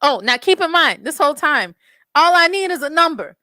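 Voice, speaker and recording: A woman hosting a podcast, telling a story in an animated, blunt way, swearing freely and acting out quotes. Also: sits high, a little fast, dry recording. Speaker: podcast host. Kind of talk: casual storytelling chat.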